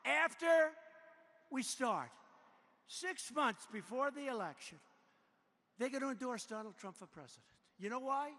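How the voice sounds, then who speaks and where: A man's voice: extremely high pitch, sharp tone. A man in his seventies giving a campaign rally speech in a large indoor arena, boastful and repetitive, riffing off-script into a podium mic. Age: 70s. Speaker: politician addressing a rally. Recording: echoey arena with long reverb, faint noise.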